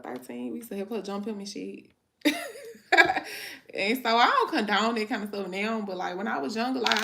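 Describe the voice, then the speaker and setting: Woman, live chat host, gravelly fry, candid and slangy, laughs a lot. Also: mid-range voice, fairly bright tone. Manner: candid and frank, slangy, laughs often while talking. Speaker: livestream host chatting with viewers; mother. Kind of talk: casual chat.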